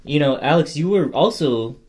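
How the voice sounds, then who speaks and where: A man's voice: fairly high pitch, animated, normal speed, darkish tone, slightly rough. A man co-hosting an improvised comedy interview, asking the guest dry, teasing questions.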